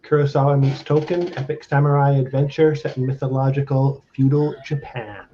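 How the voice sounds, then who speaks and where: A man's voice: mid-range voice, fairly even intonation, a little fast, dark tone. A man co-hosting an online chat and presenting projects in an upbeat, encouraging way. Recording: dull lo-fi audio with faint noise.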